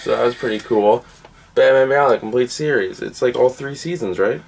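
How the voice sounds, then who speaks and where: A man's voice: medium pitch, brisk, gravelly, husky, distant mic. A man co-hosting a casual chat show, telling jokey stories about movies he bought. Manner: chatty, jokey storyteller. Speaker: co-host.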